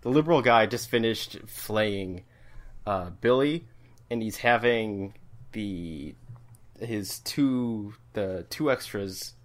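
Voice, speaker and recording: A man's voice: fairly low pitch, slow pace. A man co-hosting a casual podcast about comics, talking animatedly, laughing often and acting out lines from the story. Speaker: podcast co-host. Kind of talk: casual comic book discussion.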